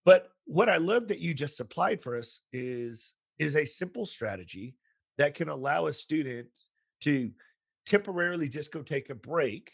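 Husky-voiced man telling lively stories. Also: on the high side, moderate pace. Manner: animated storytelling with quoted voices. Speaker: podcast host, school counselor. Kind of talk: casual podcast conversation.

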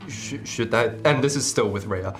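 A woman's voice: very deep voice, moderate pace, soft background music. A woman player in a tabletop game, hesitant and laughing as she decides what to do. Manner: hesitant, laughing, restarts a lot. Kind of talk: casual tabletop game play.

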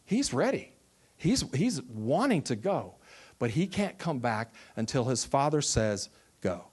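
His voice is husky and medium-pitched, his pace measured. This Texas man runs a ministry and, in a sermon, tells his testimony as lively storytelling, acting out the voices of those he quotes.

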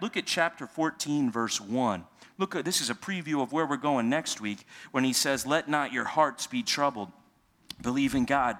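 A man's voice: a little high, pushed and bright. A man preaching a sermon in a church, explaining scripture in a conversational way with plain paraphrased asides. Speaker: pastor. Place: church sanctuary. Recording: long hall reverb.

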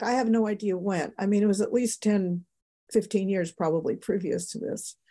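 An older woman, a show guest, giving an emotional, animated personal testimony. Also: mid-range voice.

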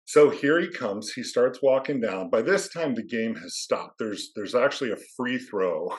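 A man's voice: mid-range voice, expressive, moderate pace. A man, an athletic administrator, telling a story in a dry, understated way as a podcast guest.

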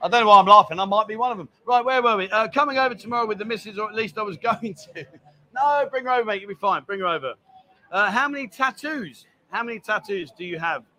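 A man's voice: sits high, quick pace, pushed and bright. A man hosting a casual livestream from a bar, teasing his guest and reading viewer comments aloud. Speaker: bar show host.

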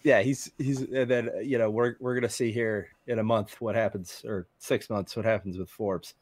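A man's voice: lowish voice, fairly even intonation, moderate pace, a little mellow. A man in his thirties co-hosting a podcast, telling stories in a dry, laid-back way. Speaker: podcast co-host. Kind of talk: casual chat.

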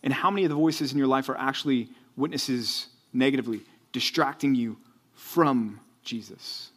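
A man preaching to students. He speaks earnestly, repeats words as he gets going and builds up to loud, fired-up emphasis. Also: medium pitch, normal speed. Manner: repeats words when excited. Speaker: youth pastor. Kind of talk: sermon to students.

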